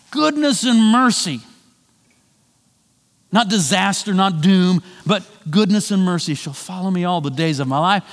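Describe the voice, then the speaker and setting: A male pastor delivering a sermon, swinging between loud emphatic lines and quiet drawn-out phrases. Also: big-room sound. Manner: preaching with wide swings of pitch and volume, slowing for emphasis.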